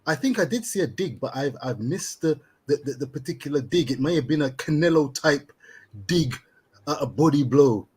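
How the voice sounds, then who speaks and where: A man's voice: on the high side, lively intonation, normal speed, darkish tone, breathy edge. A man co-hosting a casual live-stream chat, playful, wordy and theatrical. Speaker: co-host.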